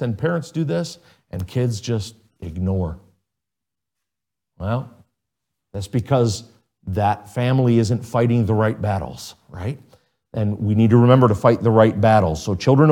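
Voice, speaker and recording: Middle-aged pastor, earnest sermon delivery, mid-pitched and conversational, sudden jumps in pitch and volume. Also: male voice. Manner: earnest preaching, acts out quotes with sudden loud pitch jumps.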